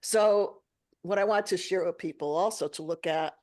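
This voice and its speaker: A woman's voice: on the low side, moderate pace. A woman podcast host telling a personal story with feeling and acting out the dialogue. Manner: emotional, animated, acts out dialogue.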